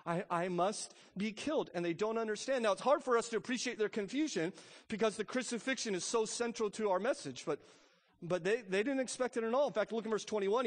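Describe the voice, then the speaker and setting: A pastor preaching a sermon, emphatic, swelling loud and then dropping to a hush. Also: male voice, high-pitched. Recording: long reverb of a church hall.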